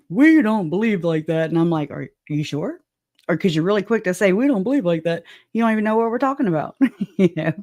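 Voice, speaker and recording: Speaking in a mid-range voice over clean studio sound without any room echo, this southwest Louisiana woman runs a casual true-crime stream. She greets and chats with her audience, cracking jokes and laughing frequently.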